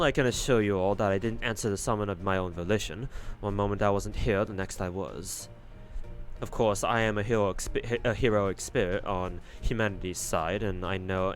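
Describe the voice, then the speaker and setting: A man voicing a melancholy, courteous knight archer in a visual-novel read-through, speaking slowly and quietly. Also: on the low side, close to an everyday voice. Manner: slow, subdued, courteous. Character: melancholy gentle knight archer, soft-spoken.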